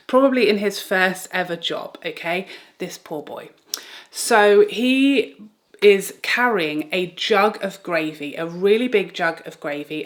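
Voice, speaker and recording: A young woman vlogger telling a personal story in a dramatic, animated way and laughing as she talks. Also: lowish voice. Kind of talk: storytelling chat.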